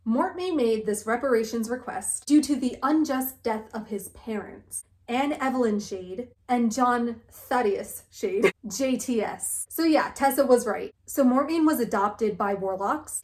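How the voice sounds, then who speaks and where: A young woman giving a casual, joking book recap on her vlog, quoting characters as she goes. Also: a little high. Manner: animated, jokey, quotes characters with "she's like". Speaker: book vlogger.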